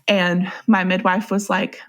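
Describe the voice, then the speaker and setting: A woman's voice: lowish voice, little pitch movement, measured pace. A young adult woman telling her own story as a podcast guest, in a casual, conversational way and often laughing as she goes. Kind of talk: personal storytelling.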